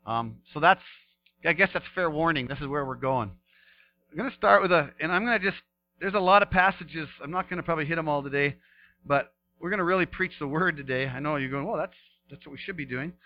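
High-voiced man preaching a sermon. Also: fairly quick, dull audio. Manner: animated preaching, voice rising to emphatic peaks then dropping soft. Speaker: pastor. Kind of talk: sermon with scripture reading.

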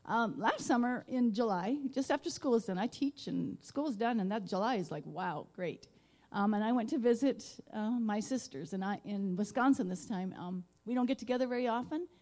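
Halting middle-aged woman giving testimony. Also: fairly high pitch, warm tone. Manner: halting, emotional, many fillers. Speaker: guest speaker. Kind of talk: personal testimony. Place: church sanctuary.

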